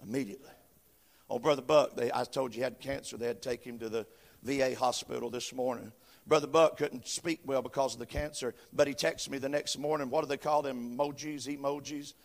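A man preaching a sermon, chanting phrases that start with a gasped "uh" and swell into shouts. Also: medium pitch, fairly even intonation, fairly quick. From western North Carolina, USA. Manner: rhythmic preaching, each phrase opened with a gasped "uh", building to shouts. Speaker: visiting preacher. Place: church building.

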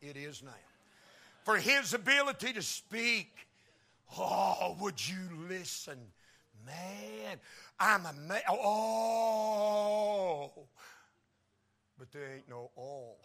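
A man preaching a sermon in a slow, folksy Tennessee drawl, building to loud shouted peaks. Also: high-pitched, animated. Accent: Tennessee Southern US.

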